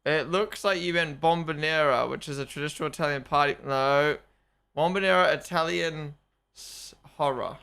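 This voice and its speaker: Excitable young man with a gravelly, bright voice. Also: a little high, normal speed. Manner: excitable,喜 exclaiming and repeating himself. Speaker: streamer watching a race broadcast. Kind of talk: casual live-stream reaction.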